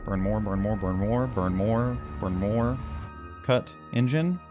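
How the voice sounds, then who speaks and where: A man giving casual let's-play commentary, excitable and talking himself through each move of a game. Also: lowish voice, takes it slowly, music in the background. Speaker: gaming video host.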